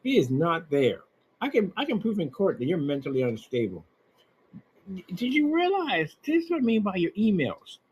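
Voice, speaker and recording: A man's voice: sits high, huge pitch swings, moderate pace, darkish tone, breathy edge, poor audio. A man giving a mocking, sarcastic rant over emails and receipts, talking straight at the person he is angry with. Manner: mocking, sarcastic, with scornful repetition; talks straight at the person he is ranting about. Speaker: online seller ranting about a customer.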